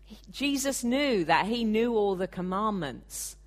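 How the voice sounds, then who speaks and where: A woman preaching a sermon, earnest and measured, sometimes acting out the people she quotes. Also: medium pitch, animated.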